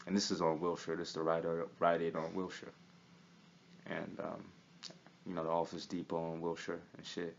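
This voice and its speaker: Deep-voiced man telling a profane street story. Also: monotone, normal speed, creaky. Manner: profane, streetwise, keeps asking "you feel me". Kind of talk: casual storytelling. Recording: slightly dull recording with faint hiss.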